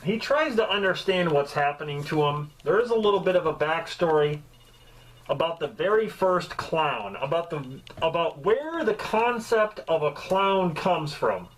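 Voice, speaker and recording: A man reviews a movie in a loose, joking way, and he swears a lot. His pitch swings widely up and down as he drifts off into tangents. It sounds like off-the-cuff talk rather than anything scripted. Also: unhurried, low-quality recording. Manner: animated, swears freely, rambling asides. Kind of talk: casual comedic movie review.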